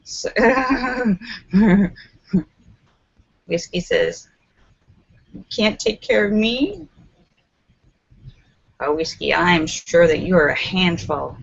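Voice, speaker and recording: A woman's voice: creaky, fairly bright tone, highs cut off. A woman hosting a casual live stream, reading viewer comments aloud and chatting playfully with plenty of laughter. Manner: playful, laughs often, acts out stories with squeaky voices. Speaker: livestream host. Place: home in Los Angeles.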